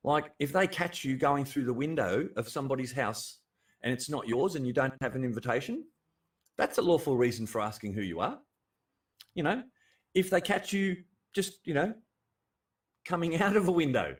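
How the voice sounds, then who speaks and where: Lively Australian man on a livestream. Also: a little high, recorded from a distance. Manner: animated and blunt, swears freely, laughs often. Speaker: livestream host. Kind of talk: casual livestream chat.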